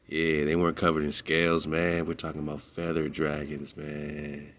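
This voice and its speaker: A very low-pitched man talks loosely and excitedly as a radio host. He laughs often and drops slangy asides between his points. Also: moderate pace. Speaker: radio show host reacting to a documentary clip. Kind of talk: casual commentary.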